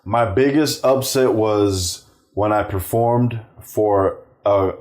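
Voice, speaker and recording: A middle-aged male comedian telling profane, animated family stories, acting out the voices of the people in them. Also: fairly low pitch, slow. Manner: animated, acts out quoted voices, swears freely. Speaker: stand-up comedian, guest. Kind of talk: profane anecdotal storytelling.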